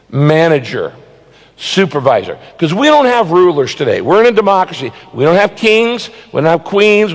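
A male pastor preaching a sermon, emphatic, repeating phrases and slowing down to read Bible verses. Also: fairly high pitch, long reverb tail, poor audio.

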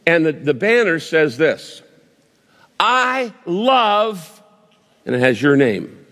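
Higher-voiced male preacher in a reverberant hall. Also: animated, fairly bright tone. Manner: vivid storytelling with pauses and restarts. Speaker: pastor. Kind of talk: sermon.

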